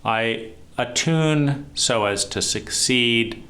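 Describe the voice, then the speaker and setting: Male speaker, mid pitch, emphatic teacher's delivery, rhetorical questions, sweeping stress. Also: drawn-out words, sharp tone, a little hiss or hum. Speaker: trauma therapist teaching. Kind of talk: recorded talk on trauma and love.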